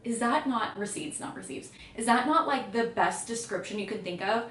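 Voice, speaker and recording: A woman's voice: a little high, expressive, moderate pace, fairly bright tone, roomy sound, distant mic, a little hiss or hum. A woman giving an emotional, chatty book review in a casual vlog.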